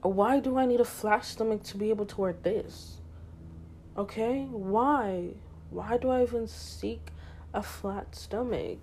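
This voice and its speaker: A teenage girl hosts her own solo podcast, chatting candidly in a slangy, casual style packed with fillers. Her voice is fairly high, a little slow, and a little mellow, with a faint hiss or hum in the background.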